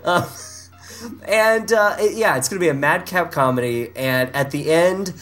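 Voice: mid-range voice, normal speed, fairly bright tone, faint music behind. A podcast co-host in casual chat who riffs playfully on made-up movie plots, laughing often. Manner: playful, rambling, laughs often while riffing.

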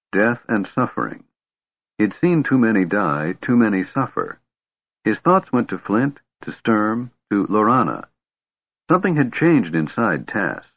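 A man reading a fantasy audiobook aloud, expressive and shifting voices for each character. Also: lowish voice, dry recording. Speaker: audiobook narrator. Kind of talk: scripted narration. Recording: tinny phone-like dry sound.

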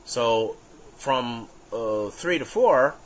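A man teaching on spiritual ideas in an unscripted, searching way, stopping for fillers and restarting his sentences. His voice sits at a middling pitch. A faint hiss runs under the recording. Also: lively intonation, low-quality recording. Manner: musing, halting, with frequent fillers and restarts; chuckles now and then while explaining.

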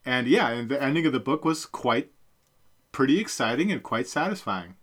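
A man's voice: mid-range voice, animated, normal speed, fairly bright tone. A middle-aged man co-hosting a podcast, chatting casually about a book, rambling with many fillers and self-corrections. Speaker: podcast co-host. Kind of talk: casual book-review chat.

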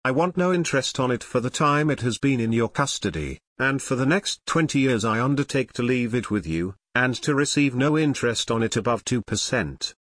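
A man's voice: mid-range voice, animated, brisk, few pauses, fairly bright tone, no room sound, clean studio sound. A man reading the lines of an aging prince who is distressed, then grateful, in a formal reading voice.

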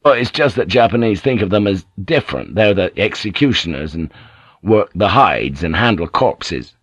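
A man's voice: sits low, expressive, moderate pace, husky, dry recording. A man voicing a guarded ship's pilot who speaks hesitantly. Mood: uneasy. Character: uneasy English ship's pilot, male, adult.

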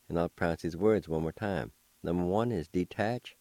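A man's voice: deep voice, moderate pace, mellow, dry recording. A man teaching a language lesson on the radio, carefully spelling out words letter by letter and repeating them.

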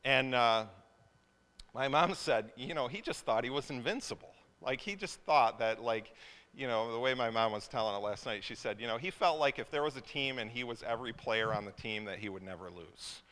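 A man's voice: mid-range voice, moderate pace, fairly bright tone, clean tone. A male pastor preaching a sermon, telling a family story in a loose, conversational way with many fillers and restarts. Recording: long hall reverb.

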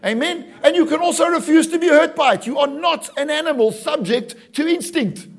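A middle-aged man preaching a lively sermon, joking and acting out little scenes and calling out "Amen?". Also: very high voice, moderate pace. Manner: animated, jokey preaching with acted-out asides and calls of "Amen?". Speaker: pastor.

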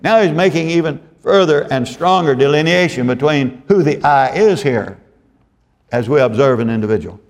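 Male pastor, fairly high voice, expository sermon, reads verses emphatically, conversational asides. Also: lively intonation, moderate pace. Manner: expository preaching, reads scripture aloud with emphasis; frequent tag questions and self-corrections.

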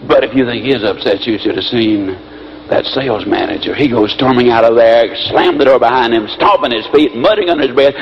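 A male motivational speaker telling anecdotes in an animated storytelling manner, on a dull lo-fi recording. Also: mid-range voice, brisk, a little hiss or hum. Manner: animated storytelling with lively voice shifts. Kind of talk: motivational speech with acted anecdotes.

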